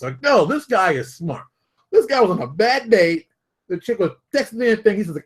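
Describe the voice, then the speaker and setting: A man hosting a casual commentary show, telling stories in an animated way, acting out the quotes and laughing often. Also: high-pitched, fast. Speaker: show host.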